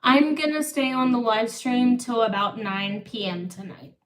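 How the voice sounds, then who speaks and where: A woman's voice: on the high side, measured pace. A woman in her thirties telling a rambling story on a live stream, often breaking off and restarting. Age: 30s. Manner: rambling, self-interrupting. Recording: echoey room, far from mic.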